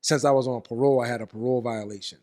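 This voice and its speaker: A man being interviewed, telling a story with animated profanity and acting out what people said. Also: mid-range voice, very fast. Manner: animated, profane, acts out quotes. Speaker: guest.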